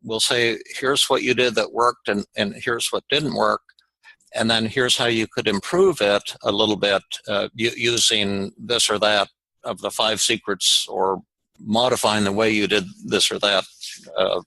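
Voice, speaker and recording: A man's voice: fairly low pitch, steady tone, measured pace, gravelly, sharp tone, no room sound, low-quality recording. A man hosting a live therapy session, encouraging the client and speaking directly to listeners. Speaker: therapist and podcast host.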